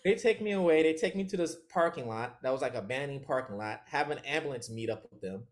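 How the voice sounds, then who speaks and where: Animated man telling a story, laughing. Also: mid-range voice. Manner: acts out other people's lines in quick voices. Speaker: interview guest. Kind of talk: casual storytelling.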